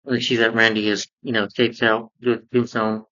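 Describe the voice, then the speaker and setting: Male reviewer, lowish voice, rambling casual recap with constant fillers, dull lo-fi home recording. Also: level tone, moderate pace, bright, forceful tone. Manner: rambling recap full of "you know" fillers. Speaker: cartoon reviewer.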